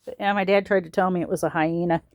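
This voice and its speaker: A woman's voice: lowish voice, fast, no echo. A woman, chatting casually as she opens fan mail at home and cooing at her pets. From Missouri. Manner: chatty, coos at her pets in a lively sing-song. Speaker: vlogger opening fan mail. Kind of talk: casual unboxing chat.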